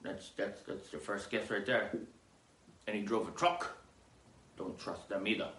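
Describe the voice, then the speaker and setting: A man hosting a rambling comedy podcast, talking theatrically and jokily, jumping from loud outbursts to mumbled asides, on grainy audio with clicks. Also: lowish voice, steady tone, a little slow, long pauses, roomy sound. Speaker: podcast host.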